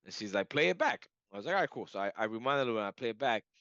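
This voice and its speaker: A man telling a personal story in a casual, animated way, full of "like" and "you know". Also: on the low side, rapid-fire, no echo. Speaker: client giving a testimonial. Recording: dull lo-fi audio.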